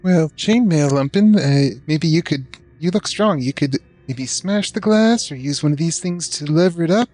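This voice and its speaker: A laid-back hippie druid lumpen, a small stitched creature, drawls in a tabletop role-playing game, as a man puts on the voice. His speech swings up and down in a lilting, sing-song way. The voice sits fairly high, and the sound is close and dry. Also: expressive, moderate pace, few pauses, darkish tone, no echo, soft background music. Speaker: player. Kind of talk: tabletop role-play in character.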